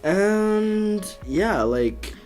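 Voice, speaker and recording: A man's voice: high voice, expressive, extremely slow, darkish tone, soft background music. A young man hosting a casual podcast, rambling through stories with many fillers and restarts and frequent laughter. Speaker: podcast host.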